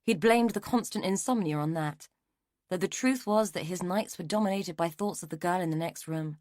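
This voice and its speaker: A woman narrating a mystery audiobook in a measured, even storytelling manner. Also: lowish voice, dry recording, studio quality. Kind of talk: scripted narration.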